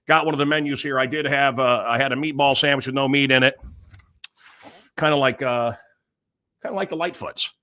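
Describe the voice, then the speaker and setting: A man's voice: medium pitch, fairly quick, long pauses, sharp tone. A man hosting his own show, talking in a loose, rambling monologue that jumps between topics with lots of fillers. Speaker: talk show host. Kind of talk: casual monologue.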